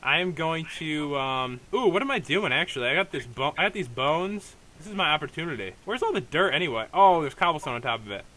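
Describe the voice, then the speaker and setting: A man's voice: a little high, big pitch swings, fairly quick, few pauses, sharp tone. A young man hosting a game let's play, talking casually with lots of fillers and restarts. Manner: rambling, hesitant, many fillers and restarts. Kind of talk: casual gameplay commentary.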